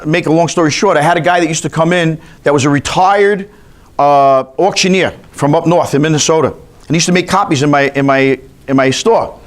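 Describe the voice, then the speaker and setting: A man from New York teaching a continuing education class, telling chatty stories and quizzing his audience. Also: on the high side. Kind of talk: storytelling lecture to a class.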